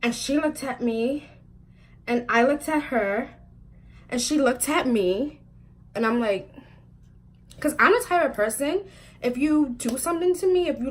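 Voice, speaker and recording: Young woman, 20s, storytime vlogger, chatty, lots of "like", slightly high voice. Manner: chatty and fast, full of "like" fillers, laughs often. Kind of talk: storytime vlog.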